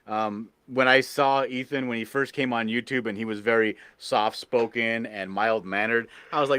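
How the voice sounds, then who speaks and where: A man's voice: medium pitch, steady tone, normal speed, few pauses, a bit bright, clear, resonant tone, dry recording. A man hosting a livestream chat, speaking bluntly and cursing often as he rants. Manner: profane, blunt, ranting. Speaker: livestream host. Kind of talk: heated casual chat.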